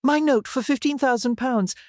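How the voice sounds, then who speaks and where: A proud young noblewoman, frightened and guarded, her words nervous and pleading, as a woman reads her part. The voice sits higher and a touch louder, with a dry, close sound. An audiobook romance heroine. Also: normal speed, dry recording, close to an everyday voice. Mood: anxious.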